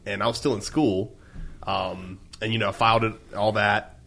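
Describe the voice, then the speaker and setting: A man's voice: lowish voice, steady tone, normal speed, creaky, a bit bright. A young man, a guest on a podcast, eagerly telling his story in casual chat with lots of ums and likes. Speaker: podcast guest, store owner.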